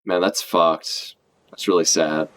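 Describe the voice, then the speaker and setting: A man's voice: sits low, slow. A man streaming a live reaction to a comic, talking casually and animatedly, swearing freely as he follows the story. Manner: animated, swears casually, talks over the panels.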